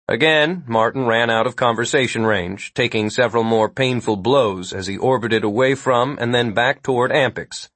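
Husky-voiced male audiobook narrator. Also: mid-range voice, moderate pace, hardly any pauses, fairly bright tone, dry recording.

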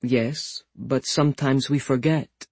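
A man's voice: mid-range voice, steady tone, slow pace, a little mellow, slightly rough, no echo. A man doing a blunt Russian masseuse woman. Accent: Russian, put on. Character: heavily accented female Russian masseuse, blunt.

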